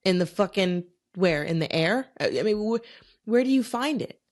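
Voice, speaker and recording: A woman's voice: medium pitch, lively intonation, moderate pace. A woman hosting a solo podcast, talking bluntly with lots of swearing and emphatic rhetorical questions. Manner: talks herself through feelings aloud. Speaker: podcast host.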